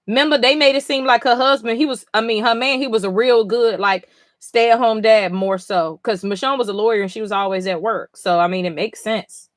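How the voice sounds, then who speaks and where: A woman's voice: fairly high pitch, steady tone, fairly quick, no echo, clean studio sound. A woman reading comics live on stream, reacting emphatically, swearing and talking straight to her chat.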